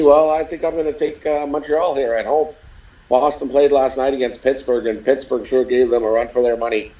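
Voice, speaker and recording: A man's voice: medium pitch, darkish tone, lo-fi sound. A man giving brief, plain-spoken hockey picks in a casual betting chat. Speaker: guest handicapper.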